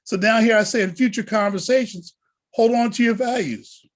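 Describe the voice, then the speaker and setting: A man who is a deacon, teaching a college prep lesson to students in an animated, preacher-like way over a video call. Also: high-pitched, normal speed.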